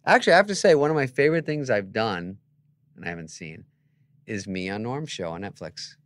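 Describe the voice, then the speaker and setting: A man's voice: lowish voice, expressive, fairly quick, no echo, studio quality. A man guesting on a talk show, telling wry, mocking stories and acting out both sides of the conversations. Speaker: comedian guest. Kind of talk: casual anecdote telling.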